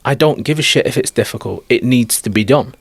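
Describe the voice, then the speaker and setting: A man's voice: medium pitch, brisk, vocal fry, slightly rough, no echo. A man talking as a life coach guest on a podcast, blunt, direct and emphatic. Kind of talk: podcast conversation.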